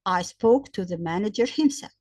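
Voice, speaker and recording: A woman's voice: mid-range voice, animated, darkish tone, dry recording, studio quality. Woman teaching grammar. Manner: slow, repetitive explaining with examples. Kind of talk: explanatory grammar lesson.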